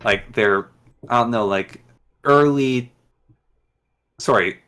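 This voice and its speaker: A man's voice: mid-range voice, slow pace, a bit bright. A man with a Northwestern Canadian accent, a guest chatting casually, rambling with many ums and restarts. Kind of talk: casual interview chat.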